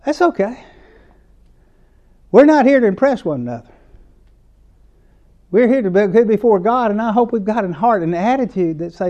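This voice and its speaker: Southern-accented male preacher, high voice, earnest, muffled recording. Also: animated, moderate pace, pauses often, dark tone. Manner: earnest, conversational preaching with rising emphasis. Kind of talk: sermon.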